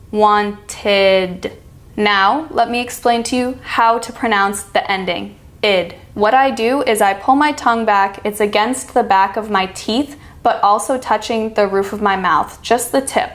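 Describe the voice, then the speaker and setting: An American woman coaching pronunciation, saying each word slowly and clearly so it can be repeated. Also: medium pitch, fairly bright tone. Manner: slow, demonstrating each sound. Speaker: accent coach. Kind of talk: pronunciation lesson.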